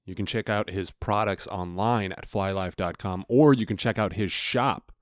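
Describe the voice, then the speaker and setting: A man's voice: fairly low pitch, moderate pace, no room sound, studio quality. A young man hosting a podcast, telling a casual, laughing story full of swearing. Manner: laughing, animated storytelling with profanity. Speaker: podcast host.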